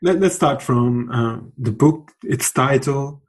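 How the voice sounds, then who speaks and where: A man's voice: medium pitch, slow. A man with an Australian accent co-hosting a casual podcast, joking and teasing his guests. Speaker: podcast co-host.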